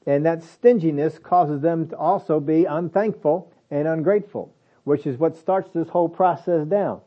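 A man preaching a conversational sermon, slowing down to repeat his key phrases for emphasis. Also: fairly high pitch. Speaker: pastor. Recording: phone-like narrow band.

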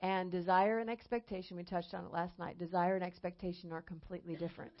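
A woman's voice: fairly low pitch, flat delivery. Emphatic woman evangelist preaching. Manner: emphatic preaching, slowing and rising on key phrases. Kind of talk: sermon. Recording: dull lo-fi sound.

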